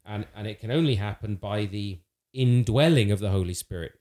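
A man's voice: lowish voice, a little fast, dark tone. A man in conversation on a faith podcast, speaking earnestly and thoughtfully, with frequent restarts and fillers. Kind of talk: conversational theological discussion.

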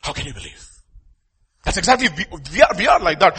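Animated, husky male preacher. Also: high voice, fast talker. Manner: animated, swings from loud emphatic lines to quiet asides, acts out quoted voices. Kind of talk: sermon.

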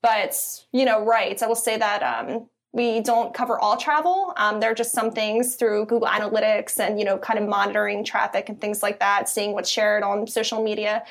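A woman's voice: mid-range voice, fairly even intonation, normal speed, hardly any pauses. A young woman with a Philadelphia accent, chatting in an interview as a guest, filling her talk with ums and you-knows. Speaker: guest, content editor. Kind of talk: casual interview conversation.

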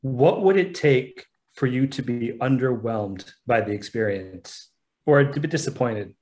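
A man's voice: medium pitch, animated, unhurried, a little mellow. A man with a middle-range voice who hosts a casual podcast. He asks the questions eagerly and keeps the chat rolling. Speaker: podcast host.

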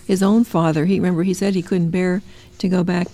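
Mellow, gravelly voice agreeing in a discussion. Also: medium pitch, level tone, a little fast. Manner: agreeable, frequent affirmations. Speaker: discussion participant. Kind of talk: casual book discussion.

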